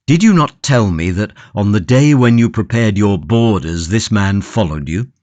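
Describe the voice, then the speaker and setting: A man's voice: on the low side, expressive, moderate pace, darkish tone, no echo, muffled recording, natural voice. A man voicing a passionate, stoic imprisoned tulip grower in an audiobook, grave and impassioned. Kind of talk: audiobook character reading.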